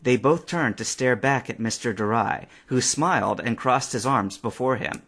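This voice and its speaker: A man narrating a fan-fiction story aloud with expressive storytelling. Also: mid-range voice, normal speed.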